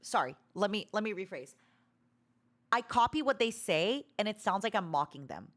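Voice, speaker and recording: Woman streamer, casual chat, lively up-and-down voice, blunt to-the-point delivery. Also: normal speed. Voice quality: animated, self-described harsh to-the-point tone. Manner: rambling with many restarts and fillers, sudden loud squeaky imitations.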